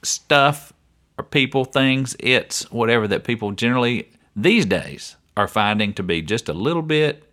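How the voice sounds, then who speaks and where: A man's voice: mid-range voice, animated, normal speed, bright, forceful tone. A man co-hosting a casual podcast, chatty and leading the talk, often calling his co-host by name. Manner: chatty, keeps saying his co-host's name.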